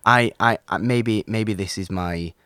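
A man's voice: on the low side, a little slow, smooth, no echo, studio quality. A man co-hosting a casual film discussion, rambling and often restarting his sentences. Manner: rambling, self-interrupting, animated.

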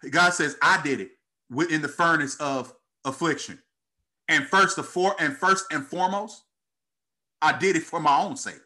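A man preaching a sermon, calling out to the congregation and building in intensity as he reads scripture. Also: bright, forceful tone. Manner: call-and-response preaching, rising in pitch and intensity.

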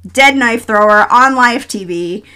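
A woman with a bright, fairly high voice tells a film's story in casual chat. She is animated and acts out what the characters say. Her recap bounces along like a story shared between friends. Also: unhurried, clear, resonant tone.

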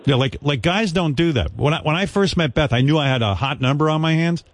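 An older man hosting a radio show, chatting bluntly and crudely, telling stories with lively asides. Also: a little high, a little fast. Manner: blunt, crude, animated storytelling with quoted voices. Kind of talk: casual radio banter.

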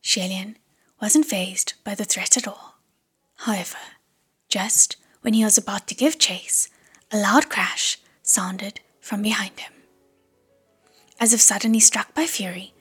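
A woman reading an audiobook in a hushed, measured whisper. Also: mid-range voice, husky, soft background music. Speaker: audiobook narrator.

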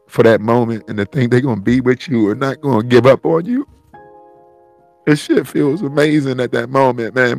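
A man's voice: medium pitch, gravelly, darkish tone. A man hosting a solo podcast, thinking aloud in a rambling, profane, heartfelt way. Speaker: podcast host. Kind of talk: solo reflective monologue.

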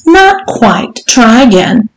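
An imperious, mocking older lady of the manor drawls her words in a storybook read-aloud, voiced by a woman. Her voice rides noticeably higher than the narration, slow and teasing. The room around her gives a roomy echo. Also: very animated, faint music behind. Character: haughty, mocking wealthy older lady of the house.

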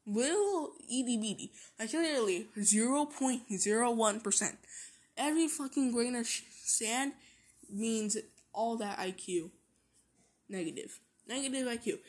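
A woman vlogging in a casual rant, swearing constantly and repeating herself. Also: mid-range voice.

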